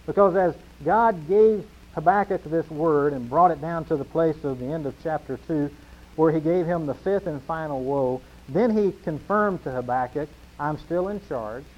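A man's voice: fairly high pitch, normal speed, dull audio. A man preaching a sermon as pastor, with an emphatic, repetitive preaching cadence.

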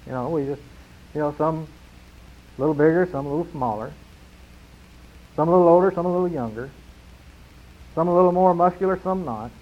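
A male pastor delivers a sermon in a slightly husky voice, pitched a little above most men's. He presses hard on key words, then slows and sinks to a near hush to let a point land. The sound is dull and lo-fi. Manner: emphatic preaching, slowing and dropping to a hush at key phrases. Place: church sanctuary.

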